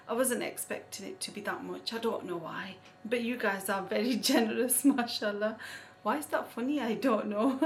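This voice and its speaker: Lively woman reading out thanks. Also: a little high. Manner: warm thanks with Islamic phrases, laughing. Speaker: vlogger. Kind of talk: casual chat.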